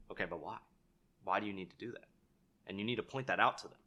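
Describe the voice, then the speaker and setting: A man's voice: lowish voice, fast, pauses often, bright, forceful tone. A young man teaching sales calls in a casual, conversational way, acting out sample lines to sellers. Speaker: sales trainer. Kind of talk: instructional talk with role-played sales calls.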